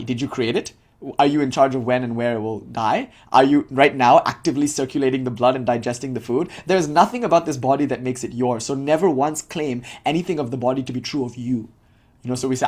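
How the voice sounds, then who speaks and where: A young man teaching spiritual history in a loose, irreverent way, with casual swearing and slang. He talks quickly at a middle pitch and acts out quotes from the people in his stories. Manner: irreverent, casual and profane, animated quoting. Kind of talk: informal lecture on spiritual history.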